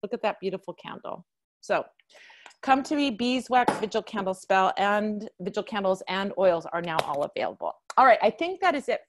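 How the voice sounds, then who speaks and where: A woman's voice: mid-range voice, lively intonation, normal speed, a little hiss or hum. A woman hosting a live video call chat, bubbly, laughing often and talking in bursts. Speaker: host.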